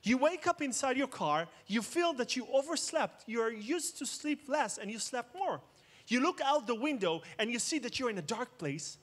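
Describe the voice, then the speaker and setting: A man's voice: extremely high pitch, sing-song, normal speed. A man giving a keynote talk, mixing jokes with dramatic storytelling. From Israel. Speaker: conference speaker. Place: outdoor festival main stage.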